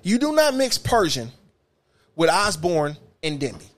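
High-voiced detroit guy, swears a lot, tells crazy bus stories, swings loud to quiet. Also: a little slow. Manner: animated, profane, swings from loud to muttered. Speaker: podcast host, former bus driver. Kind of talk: casual storytelling chat.

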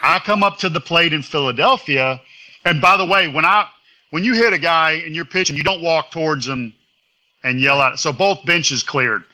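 A man, a former baseball pitcher, telling a story as an interview guest in a chatty way. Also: moderate pace, bright, forceful tone. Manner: chatty storytelling, acts out quotes.

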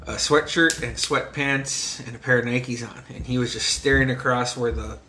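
A man's voice: mid-range voice, steady tone, normal speed, bright, forceful tone, slight background noise. A man who grew up on a reservation, casually telling profane childhood stories, laughing and acting out the quotes. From United States, grew up on a reservation. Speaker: guest storyteller. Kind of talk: casual storytelling chat.

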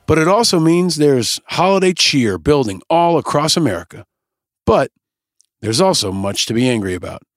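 A man's voice: fairly high pitch, very animated, moderate pace, no echo, studio quality, soft background music. A man hosting a podcast, delivering scripted, sarcastic and pointed political commentary. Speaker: podcast host.

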